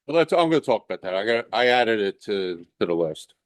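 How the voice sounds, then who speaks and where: A man chairing a town board meeting, brisk and plain-spoken. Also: fairly low pitch, big pitch swings, no echo.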